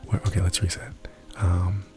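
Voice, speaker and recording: A man doing whispered role-play as an ASMR creator, soft-spoken, rambling and self-deprecating. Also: low voice, little pitch movement, normal speed, faint music behind.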